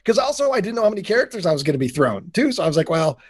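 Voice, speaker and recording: A man's voice: high voice, very animated, racing, husky. A man chatting casually on a podcast about his improv performance, rambling and self-critical with lots of restarts. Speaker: podcast guest, improv actor. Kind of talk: casual chat.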